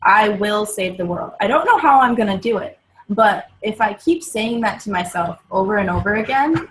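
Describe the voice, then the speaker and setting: A woman's voice: medium pitch, animated, normal speed, slight background noise, poor audio. Earnest woman explaining mantras. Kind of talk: casual chat.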